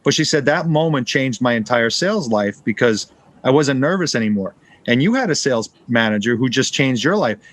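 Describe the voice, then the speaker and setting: A man's voice: mid-range voice, animated, fairly quick, no room sound. Male podcast host, dry close sound, agreeable, chatty. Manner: affirming, frequent agreement, filler-heavy. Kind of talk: casual interview chat.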